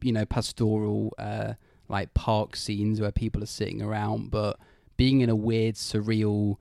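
A young man from Wales co-hosting a casual podcast chat, joking and relaxed and swearing freely. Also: on the low side, a little slow, creaky, no room sound, clean studio sound. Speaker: podcast co-host.

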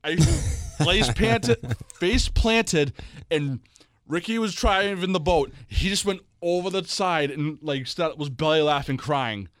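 Young co-host, lively storyteller, swings his pitch a lot, dry close mic. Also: slow, no room sound. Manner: animated storyteller, acts out quotes in a high voice. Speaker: podcast co-host. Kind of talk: casual chat.

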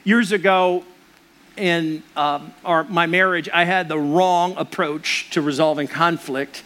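A man's voice: a little high, fairly even intonation, slow, fairly bright tone. A middle-aged man preaching a sermon as a pastor, earnest and conversational.

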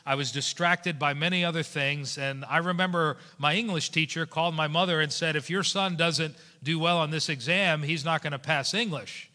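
A man preaching a sermon as a pastor, animated and storytelling, switching into voices for the people in his stories. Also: on the high side, moderate pace, hardly any pauses. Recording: long hall reverb.

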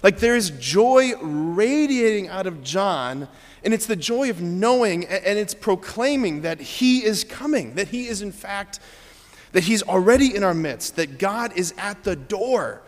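A Catholic priest giving a Sunday homily in an animated way, often checking in with the congregation by asking "right?". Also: male voice, high-pitched, unhurried. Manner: animated, frequent "right?" asides. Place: large church. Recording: reverberant church hall.

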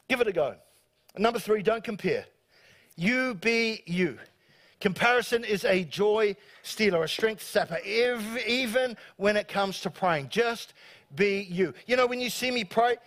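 A man with a New Zealand accent preaching a lively sermon to his church, joking and acting out voices. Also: high-pitched, moderate pace. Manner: animated, joking, acts out quoted voices. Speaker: pastor. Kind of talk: live sermon. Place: church service before a congregation.

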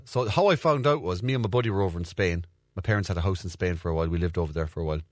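Recorded dry with a clean studio sound, a young Irish comedian tells a rambling, crude story on his own show. He swears freely and acts out voices in a high pitch throughout this casual monologue.

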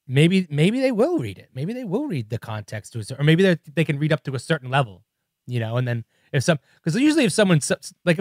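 A man's voice: on the high side, no echo, studio quality. A man co-hosting a podcast in casual chat, rambling in a laid-back way and saying "like" often. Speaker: podcast co-host. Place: podcast studio.

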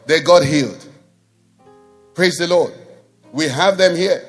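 A pastor preaching with emphatic call-and-response. His voice sits high and carries a gravelly fry. Soft music plays faintly under his sermon. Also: slow pace.

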